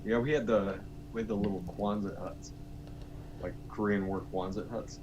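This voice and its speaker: Brief: fairly low male voice, short dry quips in relaxed banter. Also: normal speed, dull audio, background noise. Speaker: podcast co-host, veteran. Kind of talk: casual chat.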